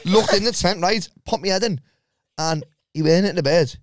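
A man's voice: high-pitched, brisk, noisy background. A man telling a rowdy story in casual podcast chat, swearing freely. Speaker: podcast co-host.

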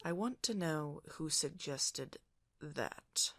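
A woman's voice: sits low, expressive, slow, a bit bright, no room sound, heavily acted. A woman voicing a dignified, weary older male starship captain with a dry, droll delivery. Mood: exasperated.

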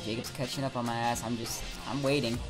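A teenage boy hosting a gaming video, shouting and laughing as he races with friends. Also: medium pitch, level tone, quick pace, over loud music, rough recording. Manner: shouting, laughing, yelping at the game. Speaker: gaming channel host. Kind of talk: excited gaming chat with friends.

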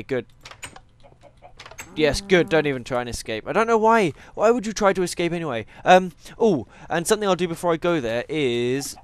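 A man's voice: a little high, slight background noise. A tired young man, chatting casually as he plays a game and teases the animals on screen. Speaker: gaming YouTuber. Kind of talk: casual let's-play commentary.

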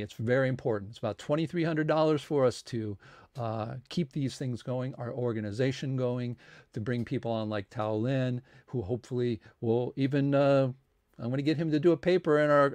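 A man's voice: medium pitch, darkish tone, dry recording, clean studio sound. A man hosting a science talk series, making casual, rambling announcements with many fillers and restarts and earnest appeals for support.

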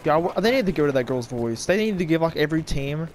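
A young man commentating his own online shooter game in a casual, excitable, rambling way, taunting other players. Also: a little high, very fast, slight background noise. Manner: excitable, trash-talking, rambling. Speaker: gaming YouTuber.

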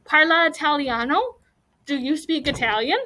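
A woman voicing a young Italian immigrant boy, reading his lines slowly and deliberately. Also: sits high, sharp tone, a little hiss or hum, low-quality recording. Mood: earnest.

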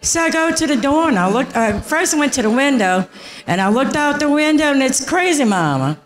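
A woman's voice: high-pitched, a little fast, in a large hall, low-quality recording. A woman telling family memories at a memorial, acting out the dialogue and laughing as she goes. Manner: animated, laughing, acts out dialogue. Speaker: family member sharing memories. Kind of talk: casual storytelling at a memorial.

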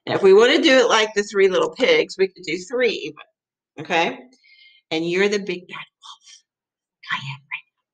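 A woman teacher giving a playful, excitable math lesson for children. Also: medium pitch, normal speed, low-quality recording.

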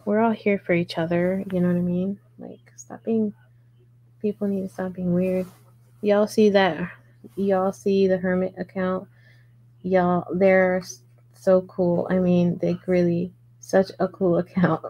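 Woman crocheting live, slow chatty talk to viewers, low gravelly voice. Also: little pitch movement, muffled recording. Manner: chatty, reads and answers viewer comments, murmurs stitch counts. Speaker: crochet livestream host. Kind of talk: casual live tutorial chat while crocheting.

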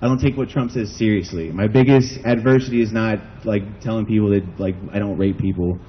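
A man's voice: fairly low pitch, a little fast, dull audio, a little hiss or hum. A man from the United States doing a stand-up comedy set at an outdoor backyard show, rambling and self-deprecating, saying "like" a lot.

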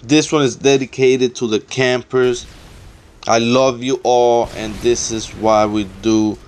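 A man's voice: medium pitch, fairly even intonation, slow, a little mellow, a little hiss or hum. A young man giving casual, trash-talking commentary over his own gameplay, swearing often and getting exasperated.

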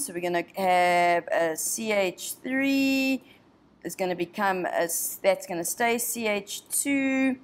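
A woman's voice: medium pitch, expressive, takes it slowly. Chatty woman teacher walking through exam questions. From South Africa. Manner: chatty, encouraging, thinks aloud; puts on a snobby voice for a molecule. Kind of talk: exam revision lesson.

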